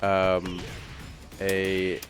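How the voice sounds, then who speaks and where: A man streaming a fighting game, chatting casually, laughing often and shouting at the screen. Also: low-pitched, monotone, very slow, over music. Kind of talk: casual gameplay banter.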